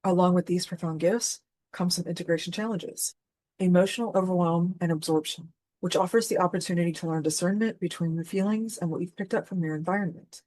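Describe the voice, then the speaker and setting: A woman hosts a spiritual talk, speaking in an earnest and candid conversational way. Her voice sits on the low side. The recording is dry and close, with no room sound. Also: fairly even intonation, brisk, darkish tone, dry recording. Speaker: host. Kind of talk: personal storytelling and spiritual teaching.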